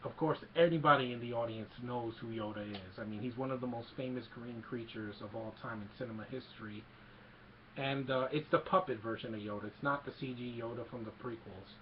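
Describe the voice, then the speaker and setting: A man's voice: medium pitch, a little fast, dull audio, noisy background. Rambling man recapping a film. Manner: rambling, retells scenes with quoted lines. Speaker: movie reviewer.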